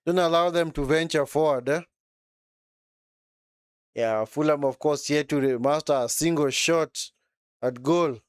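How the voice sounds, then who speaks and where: A man's voice: on the high side, measured pace, long pauses, clean tone, dry recording, studio quality. A man giving casual live football commentary during a watchalong, chatty and reacting as he goes, often tagging sentences with short asides. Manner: chatty, frequent tag words like man and eh.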